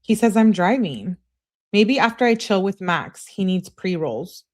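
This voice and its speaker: A woman's voice: mid-range voice, lively intonation, unhurried. A woman hosting a live stream, reading text messages aloud with speaker tags and breaking off to comment and greet viewers. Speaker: true-crime channel host.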